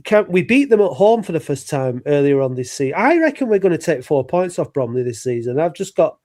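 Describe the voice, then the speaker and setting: A man hosting a podcast, chatting casually and halting with many fillers. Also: fairly high pitch, sing-song, darkish tone. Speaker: podcast host. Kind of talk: casual chat.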